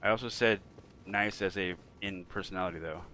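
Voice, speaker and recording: Give me a joking middle-aged man streaming, with a low, bright voice. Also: fairly quick, a little hiss or hum. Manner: joking, teasing. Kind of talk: casual chat while playing.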